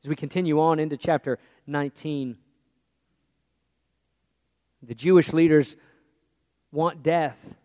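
A man preaching a sermon and reading scripture aloud, emphatic and dramatic, sometimes dropping to a hush. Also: fairly high pitch, steady tone, measured pace, long pauses, no room sound, clean studio sound, long reverb tail. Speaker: pastor.

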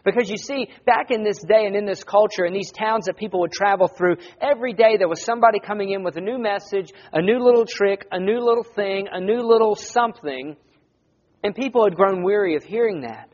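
Earnest, fairly high-voiced male preacher. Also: a little fast, lo-fi sound. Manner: earnest, conversational preaching that rises to loud emphasis. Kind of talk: sermon.

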